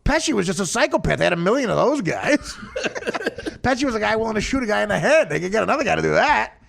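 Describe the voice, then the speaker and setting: Comedian host, man, high lively voice, rambling and profane. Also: fast, vocal fry. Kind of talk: casual chat.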